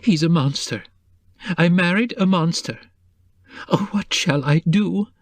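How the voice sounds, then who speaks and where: A man's voice: fairly high pitch, measured pace, no echo, voice pushed up. A man voicing a distraught, tearful middle-aged woman who sobs and wails between her words. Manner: sobbing, wailing.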